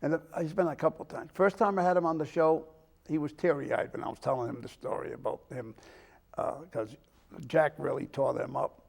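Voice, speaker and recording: Gravelly older man telling a story. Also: a little high, fairly even intonation, a little fast. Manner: rambling storyteller acting out quotes. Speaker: host. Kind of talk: casual storytelling chat.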